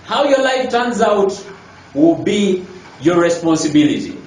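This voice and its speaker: A man's voice: high-pitched, big pitch swings, measured pace, a little mellow, slight background noise. A man working as a life coach, giving an emphatic motivational talk to a group, repeating his key lines and asking rhetorical questions. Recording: echoey room, distant mic.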